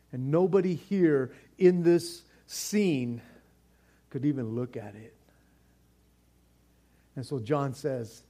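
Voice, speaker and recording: Man, pastor, sermon, animated, casual slang, slightly high voice. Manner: animated, casual slang, repeats words when stressing.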